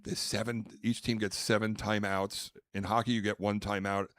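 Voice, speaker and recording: A man hosting a podcast in casual chat, rambling with restarts and bursts of mimicked squeaks. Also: level tone, moderate pace, fairly bright tone, no echo. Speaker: podcast host.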